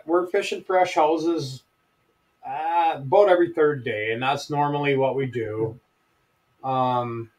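A man, a fishing lodge guide chatting casually on a live stream in a plain, matter-of-fact way. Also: mid-range voice.

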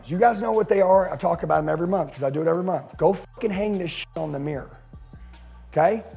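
A man's voice: sits high, vocal fry, mellow. A man giving a profane, intense motivational talk as a sales coach to an audience.

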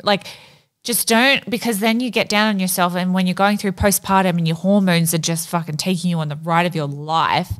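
A woman co-hosting a podcast, talking through her thoughts in a measured way with frequent fillers. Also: fairly low pitch, fairly even intonation. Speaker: podcast co-host. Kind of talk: casual chat.

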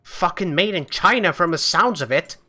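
A man's voice: high-pitched, animated, moderate pace, sharp tone. Furious swearing game streamer man. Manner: furious ranting, heavy swearing.

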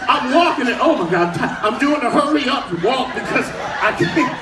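An older man performing a stand-up comedy set on a cruise ship, telling stories in an animated way and shouting his punchlines. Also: normal speed, heavy background noise. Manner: animated storytelling, shouting punchlines, high-pitched put-on cries. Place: cruise ship show lounge with a live audience. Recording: roomy live audio from far off, loud crowd.

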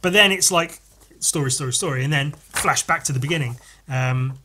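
In his casual comics-review podcast, a man rambles, curses and gushes as he pages through issues and reacts to the artwork. His medium-pitched voice has a sharp tone at normal speed, over slight background noise.

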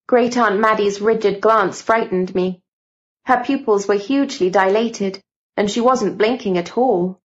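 A woman narrating an audiobook in a steady, even reading. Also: medium pitch, measured pace. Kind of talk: scripted narration. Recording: dull lo-fi recording.

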